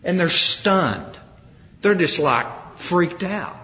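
A man preaching a sermon, retelling a story with lively acted-out quotes. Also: high voice, slow. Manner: animated storytelling, acting out quoted lines. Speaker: pastor. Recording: roomy hall, dull lo-fi sound.

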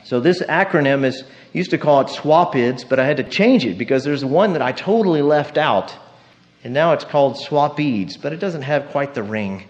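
A man's voice: a little high, lively intonation, normal speed. A man preaching a sermon in a conversational, storytelling way, often asking his listeners "right?". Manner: conversational, storytelling with tag questions. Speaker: pastor. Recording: muffled lo-fi sermon recording.

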